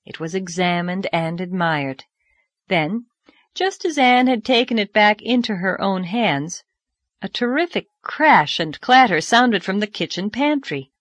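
A woman narrating a classic novel aloud in a measured, expressive storytelling voice. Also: mid-range voice, no room sound. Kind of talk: audiobook narration.

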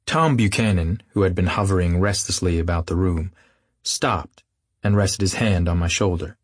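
A man narrates an audiobook in a measured first-person reading. His deep voice carries a husky edge. The recording is close and dry. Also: no echo. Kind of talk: scripted narration.

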